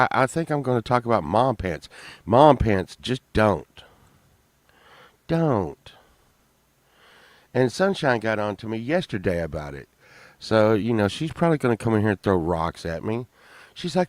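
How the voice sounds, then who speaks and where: A middle-aged Texan man hosting a rambling casual chat, tired from a late night, swinging between mumbles and loud outbursts. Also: mid-range voice, sing-song, normal speed, dry recording. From Texas. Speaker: show host.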